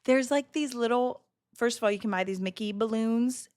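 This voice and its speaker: Chatty woman streamer, slightly high voice. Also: normal speed, dry recording, clean studio sound. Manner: chatty animated storytelling, frequent laughs and swearing. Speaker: livestreamer. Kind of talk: casual chat with stream viewers. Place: home streaming setup.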